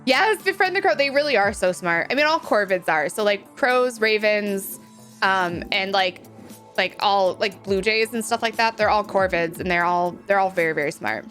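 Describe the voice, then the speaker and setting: A woman's voice: mid-range voice, animated, moderate pace, fairly bright tone. A woman streamer chatting casually with her live chat, giggly and full of "like," reacting to viewer messages. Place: home room with a window. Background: faint game music.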